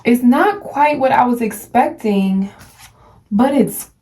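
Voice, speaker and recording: A young woman vlogging a perfume unboxing, gushing and excited, stumbling over brand names. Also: on the high side, slow. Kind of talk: casual unboxing vlog. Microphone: phone.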